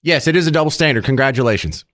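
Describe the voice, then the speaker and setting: A man's voice: mid-range voice, lively intonation, racing, a bit bright, dry recording. A man hosting a talk radio show in a studio, chatting in an opinionated, joking way. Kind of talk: casual talk radio chat. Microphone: studio microphone.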